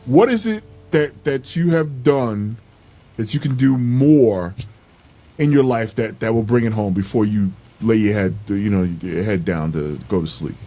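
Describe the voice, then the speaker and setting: A man hosting a casual interview, friendly and quick with short affirmations for his guest. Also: lowish voice, animated, mellow. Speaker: interview host.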